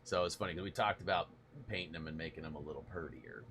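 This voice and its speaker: A man's voice: rumbling low, quick pace, fairly bright tone, slight background noise. A man hosting a gaming stream, chatting casually and rambling through long stories with frequent laughs. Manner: rambling storyteller, laughs often. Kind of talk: casual chat while gaming.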